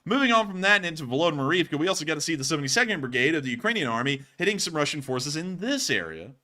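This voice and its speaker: A man's voice: fairly high pitch, sing-song, very fast, sharp tone. A man hosting a live stream, casually commenting over video clips and cracking jokes. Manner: joking, casual, chuckles at his own puns. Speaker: host of war news stream.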